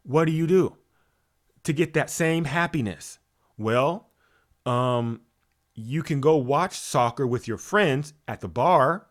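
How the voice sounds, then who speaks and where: A man's voice: medium pitch, slow. A man giving a motivational talk as a spiritual coach, preachy and full of rhetorical questions, restarting and repeating words as he goes.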